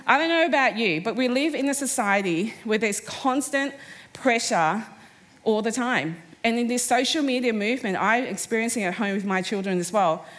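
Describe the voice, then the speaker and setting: A woman in her forties giving a personal storytelling talk to a live audience, lively, acting out the voices of people in her stories. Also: fairly high pitch, normal speed. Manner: animated, acts out quoted voices. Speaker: speaker at a live event. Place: stage before a live audience.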